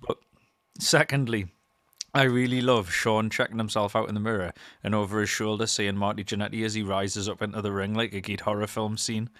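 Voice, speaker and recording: A man co-hosting a podcast in a relaxed, amused chat. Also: fairly low pitch, brisk, dry recording. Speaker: podcast co-host. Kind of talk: casual chat.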